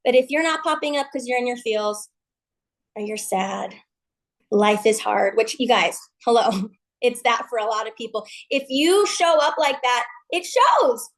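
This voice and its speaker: High-voiced, emphatic woman giving a pep talk. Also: measured pace. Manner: emphatic, upbeat, folksy slang. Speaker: MLM team leader on a call.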